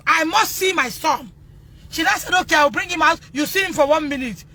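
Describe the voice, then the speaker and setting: A Nigerian woman speaking on a phone livestream, distressed and loud, re-enacting conversations as a mother. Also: very high-pitched, fairly quick. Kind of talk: emotional livestream testimony.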